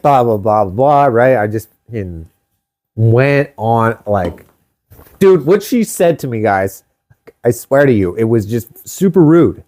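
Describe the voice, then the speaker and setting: A young man co-hosting a casual chat show, telling a story in an animated way, swearing freely and acting out what people said. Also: medium pitch, measured pace. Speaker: co-host.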